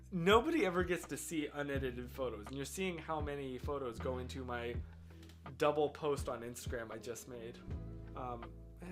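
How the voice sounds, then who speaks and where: An American man streaming live, chatting casually and thinking aloud in a rambling, self-deprecating way. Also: a little high. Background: faint lo-fi music.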